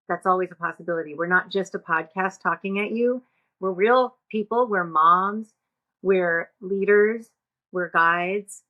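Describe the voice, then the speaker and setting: A woman's voice: fairly low pitch, lo-fi sound. A woman co-hosting a podcast, giving earnest, encouraging advice in casual conversation. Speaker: podcast co-host.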